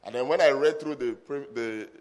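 Middle-aged pastor preaching with call-and-response. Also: male voice, medium pitch, moderate pace. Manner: call-and-response, swings from quiet storytelling to loud emphatic peaks. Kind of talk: sermon. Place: church service with a congregation.

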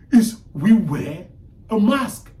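Guy preaching a sermon, high voice, repeats himself for emphasis, kinda distant, echoey room. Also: dark tone. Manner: emphatic preaching with repeated phrases and long pauses. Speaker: pastor.

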